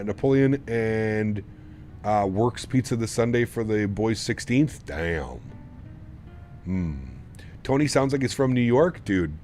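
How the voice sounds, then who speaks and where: A man's voice: fairly low pitch, a little mellow. A man streaming a flight simulator, chatting casually with his viewers in a rambling, easygoing way and laughing often. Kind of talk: casual livestream chat.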